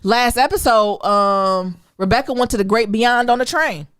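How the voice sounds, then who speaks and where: A woman co-hosting a podcast, chatting casually about TV shows, animated and laughing often with quick asides. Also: a little high, smooth, no room sound, clean studio sound. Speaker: podcast co-host.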